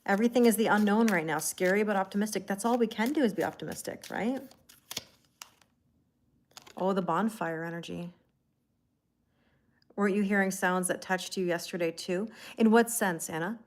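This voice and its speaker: A woman's voice: medium pitch, moderate pace, pauses often, slight background noise. A woman giving a casual live tarot reading. She chats in a rambling way, greets viewers by name and often fills gaps with "like". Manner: heavy use of "like" and restarts. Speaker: tarot reader.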